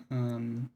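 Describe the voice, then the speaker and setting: A man streaming a video game, casually commenting and reading in-game text messages aloud in a low, subdued voice. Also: a little mellow, a little hiss or hum. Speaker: livestreamer. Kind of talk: casual let's-play commentary.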